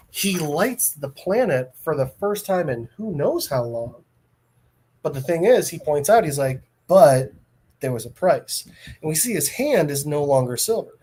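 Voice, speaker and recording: A man hosting a podcast, casually recapping a comic in an animated storytelling way, full of fillers. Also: fairly high pitch, slightly rough. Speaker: podcast host.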